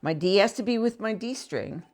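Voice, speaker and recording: Explaining intonation with short demonstrations on the violin, a woman professor speaks thoughtfully and asks the listener questions along the way. Her mid-range voice is expressive and moves at a normal speed, and music plays in the background, with violin between phrases.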